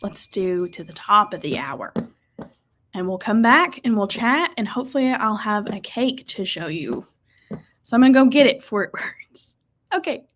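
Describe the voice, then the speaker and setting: A woman's voice: mid-range voice, sing-song, moderate pace, fairly bright tone, a little hiss or hum. Bubbly woman chatting on a livestream. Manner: bubbly, reads viewer comments aloud and reacts. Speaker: livestream host. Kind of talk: casual livestream chat reading comments.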